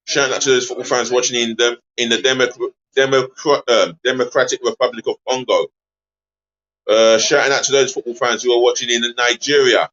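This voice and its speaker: A man hosting a live football watch-along stream, chatty and easily exasperated, giving viewers shout-outs. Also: medium pitch, fairly even intonation, brisk, highs cut off.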